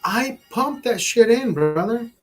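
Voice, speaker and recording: A man hosting a casual podcast, telling a long profane story in a rambling, animated way. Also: very high-pitched, a little slow, breathy edge, soft background music. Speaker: podcast host.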